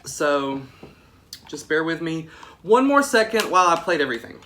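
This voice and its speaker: A young man with a Southern American accent hosting a solo mukbang vlog, chatty and excited, saying "y'all" again and again. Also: on the high side, moderate pace. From Southern United States. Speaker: podcast host.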